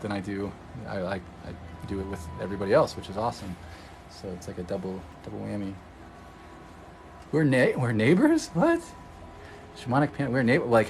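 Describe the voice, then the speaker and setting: A man's voice: medium pitch, a little hiss or hum, low-quality recording. A man from Oregon, an energy healer, chatting casually on a livestream, rambling and answering viewer comments. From Oregon, USA.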